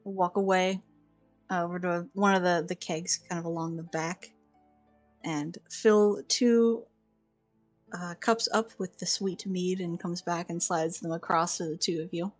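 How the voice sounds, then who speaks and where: A woman's voice: on the low side, steady tone, unhurried, faint music behind. A woman narrating as game master in a tabletop game, chatty and full of fillers. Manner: chatty, giggly, many fillers.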